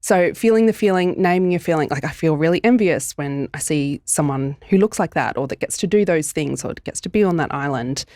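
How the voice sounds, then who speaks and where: Low-voiced woman explaining steps. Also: expressive, a little fast, hardly any pauses, darkish tone, no room sound, clean studio sound. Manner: explains step by step, laughs often. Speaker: podcast co-host, body image expert. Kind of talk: casual podcast chat.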